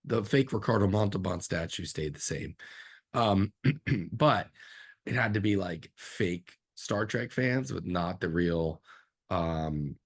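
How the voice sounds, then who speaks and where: A man, a film director, telling animated behind-the-scenes stories in a casual interview, jumping up in pitch when he acts out disbelief. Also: slow pace, slightly rough. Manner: animated storyteller, swings up sharply in pitch for incredulous reactions.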